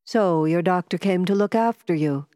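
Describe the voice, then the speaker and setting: A woman reading the part of a calm, wise male doctor who speaks with gentle reassurance. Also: fairly low pitch, moderate pace, no room sound, clean studio sound, big-room sound, lightly acted.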